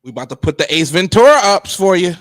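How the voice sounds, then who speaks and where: A man co-hosting a livestream with teasing, laughing banter. His voice sits fairly high and swings widely in pitch, recorded dry. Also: very animated, fast talker, fairly bright tone, no echo. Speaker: podcast co-host.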